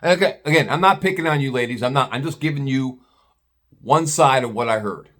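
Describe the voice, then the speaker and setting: A man's voice: mid-range voice, fairly quick, fairly bright tone. A middle-aged American man telling a rambling personal story in casual talk, blunt and swearing freely. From United States. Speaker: vlogger.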